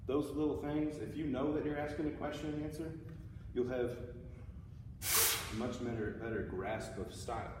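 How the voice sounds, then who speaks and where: A man's voice: mid-range voice, normal speed, pauses often, heavy background noise. A man giving a casual, upbeat music lesson, explaining how to play a passage. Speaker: music teacher. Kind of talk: instrument tutorial. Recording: echoey room from far off.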